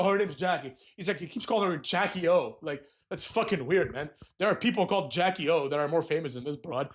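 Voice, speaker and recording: A man's voice: high-pitched, quick pace, hardly any pauses. A man giving a profane, mocking rant recapping a wrestling show, ripping into wrestlers. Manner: crude, mocking, ranting, mimics wrestlers in whiny voices. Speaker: wrestling commentator.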